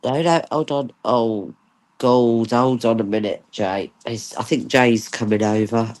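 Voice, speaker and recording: A woman's voice: very deep voice, fairly even intonation, unhurried, a little mellow. A woman hosting a casual live stream chat, chatty and exclamatory, teasing her guests.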